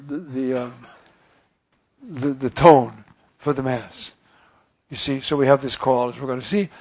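An older priest gives a chatty, informal homily in a slightly higher voice. He acts out the voices of figures he quotes and keeps turning to his listeners with little questions. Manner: conversational, acts out quoted voices, asks listeners "you see?".

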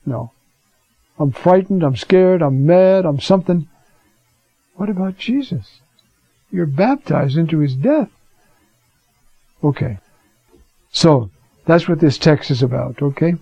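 A man's voice: a little high, lively intonation, slow, vocal fry, pauses often, warm tone, breathy edge, no room sound, highs cut off. A man teaching a Bible class in a chatty way, asking rhetorical questions and dropping in fillers. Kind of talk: conversational scripture class.

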